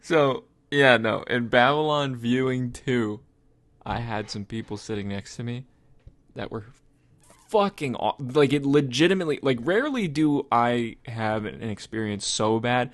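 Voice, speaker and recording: A young man with a Texan accent who co-hosts a movie podcast. He tells a story loosely and swears a lot, and his pitch swings widely as he gets worked up. The sound is close and dry, with no room echo. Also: a little slow. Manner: animated, profane storytelling. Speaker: podcast co-host. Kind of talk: casual chat.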